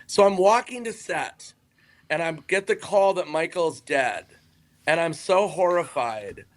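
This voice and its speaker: A man with a voice a touch higher than most tells a long, meandering anecdote as a podcast guest. He cuts himself off and doubles back often and keeps the tone offhand and conversational. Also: expressive, measured pace. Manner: rambling, self-interrupting anecdotes. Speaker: guest comedian. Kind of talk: casual podcast storytelling.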